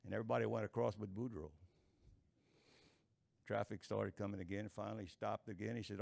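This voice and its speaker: A man telling folksy jokes to a live audience, chuckling at his own punchlines in an unhurried drawl. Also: on the low side, fairly even intonation, gravelly, a little mellow. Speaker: stand-up storyteller.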